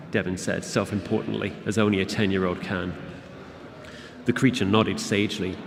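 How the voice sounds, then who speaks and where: A man reading his fantasy novel aloud to an audience at a convention, in a steady, measured narration. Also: sits low, gravelly. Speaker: author reading his book. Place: convention event room. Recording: long hall reverb with audience.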